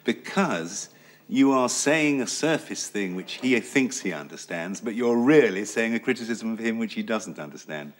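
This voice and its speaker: Low-voiced acting teacher. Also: male voice, expressive, moderate pace. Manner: precise, persistent, insists on his point. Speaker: acting teacher leading a masterclass. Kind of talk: explanatory, probing coaching.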